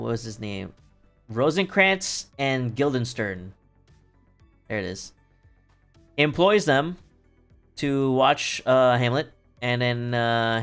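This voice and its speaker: A man's voice: medium pitch, fairly bright tone, smooth. A man streaming from home, recapping a play in casual chat, rambling and swearing with lots of fillers and restarts. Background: faint background music.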